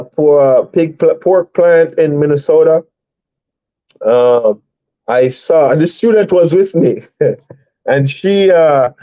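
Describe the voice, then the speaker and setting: Laid-back trucker guy chatting on a stream, kinda high voice, muffled lo-fi sound. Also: dark tone. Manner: chatty, laughs often, rambling storytelling. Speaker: truck driver and live stream host. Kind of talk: casual live stream chat.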